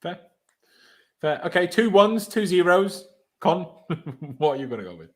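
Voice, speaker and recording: A man hosting a casual fan chat over a video call, laid-back and trailing off softly at the ends of his sentences. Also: high voice, unhurried. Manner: relaxed, laid-back, often trails off quietly. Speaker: podcast host leading player ratings.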